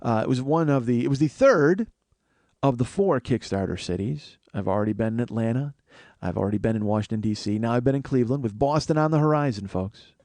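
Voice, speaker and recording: A man's voice: mid-range voice, a little fast, dark tone, dry recording. A man hosting a podcast, telling rambling, profane comic stories in a casual monologue. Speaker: podcast host.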